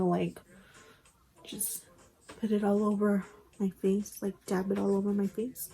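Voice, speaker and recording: A young beauty vlogger with a warm, mid-range voice rambles through a makeup tutorial, filling her casual chat with fillers. She films at home using a phone camera, and the audio is poor.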